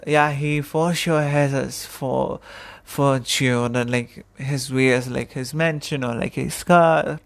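A young man hosting a casual solo podcast, rambling and candid, with frequent fillers and restarts. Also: medium pitch. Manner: candid and chatty. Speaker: podcast host.

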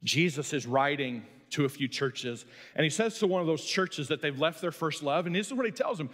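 A middle-aged pastor tells stories in a folksy, self-mocking sermon. His voice sits a little high for a man. It echoes through a large church hall with a long reverb. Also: lively intonation, brisk, hardly any pauses, a bit bright. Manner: storytelling, folksy and self-deprecating. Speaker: pastor and high school coach.

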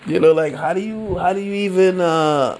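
A man hosting a casual solo sports podcast, rambling in a relaxed, slangy way and laughing often. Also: high voice, moderate pace, a little hiss or hum. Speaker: podcast host.

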